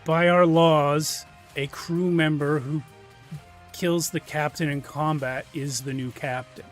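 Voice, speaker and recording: A man voicing a seasoned older female pirate first mate who makes loud, commanding announcements. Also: low-pitched, fairly even intonation, slow, soft background music.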